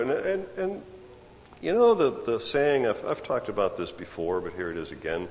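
A male preacher gives a sermon in an easy, conversational way, often repeating words as he builds a point. His pitch swings widely and stays animated. The voice echoes with the long reverb of a large hall. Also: moderate pace.

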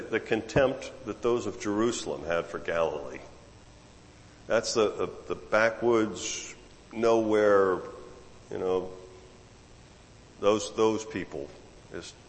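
Animated preacher in a reverberant hall. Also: male voice, mid-range voice. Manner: conversational, repeats words, lively asides. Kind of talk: sermon.

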